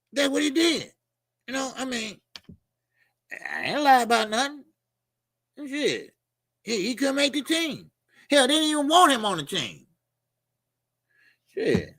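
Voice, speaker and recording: A man's voice: extremely high pitch, bright, forceful tone, no room sound, studio quality. A middle-aged man hosts a casual boxing livestream. He talks loose and profane, laughs a lot and reads out viewer comments and donations.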